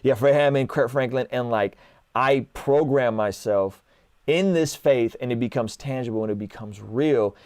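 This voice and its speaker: A man's voice: mid-range voice, normal speed. A man in his thirties telling stories in casual conversation, acting out dialogue and often adding "like" and "right?". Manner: animated storyteller, acts out dialogue, frequent "like" and "right?". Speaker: guest.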